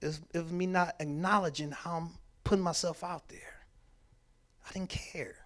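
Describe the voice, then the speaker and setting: A slightly high, brisk male voice. He's speaking at a church mental health workshop, telling stories with emphasis and acting out the dialogue of the people in them, repeating key words for effect.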